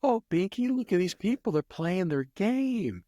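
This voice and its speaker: A woman's voice: mid-range voice, sing-song, measured pace, mellow, no room sound, clean studio sound, pitched above the performer's own voice. A man voicing a dotty rich woman who coos to her little dog in a sing-song, childlike way. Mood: cooing.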